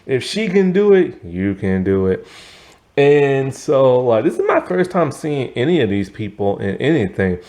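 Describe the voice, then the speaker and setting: A man's voice: mid-range voice, sing-song, unhurried, mellow. A man giving a casual, rambling TV review, tired and yawning, full of asides and fillers. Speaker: TV show reviewer.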